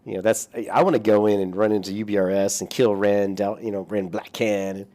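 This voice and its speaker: Lowish and mellow, this young gaming streamer's voice moves little in pitch and runs fairly quick. He chats casually with his viewers during play, rambling along with light swearing and chuckles.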